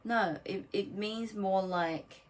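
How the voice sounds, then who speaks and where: A woman co-hosting a casual podcast chat, animated and fidgety, who swears and laughs as she talks. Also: mid-range voice, takes it slowly, distant mic, rough recording. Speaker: podcast co-host.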